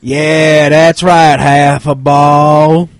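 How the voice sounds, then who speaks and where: A man's voice: on the high side, level tone, drawn-out words, dry recording. A man co-hosting a podcast, bantering casually and joking, with frequent stammered restarts. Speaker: podcast co-host.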